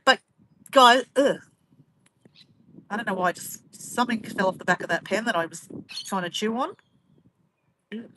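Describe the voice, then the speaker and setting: A woman's voice: medium pitch, normal speed, long pauses, background noise. An Australian woman vlogging in casual chat, rambling and teasing as she reads viewer comments, laughing often.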